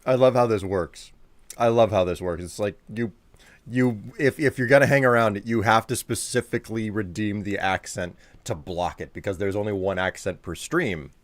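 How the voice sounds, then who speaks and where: A man with a very low voice talks in a loose, rambling way to his live-stream audience and answers their messages as they come in. He sounds sleepy and laughs easily. The sound is dry and close, with almost no room echo. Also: normal speed. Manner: chatty and rambling, reads and answers chat, laughs often. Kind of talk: casual live-stream chat with viewers.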